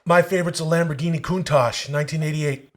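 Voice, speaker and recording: A crude, oblivious middle-aged martial-artist action star, as a man puts him on for an improvised comedy bit. He talks slowly, in a mumbling deadpan, with a slightly raised voice. He asks boorish questions with no sense of shame. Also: a little high, lightly acted. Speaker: interviewer.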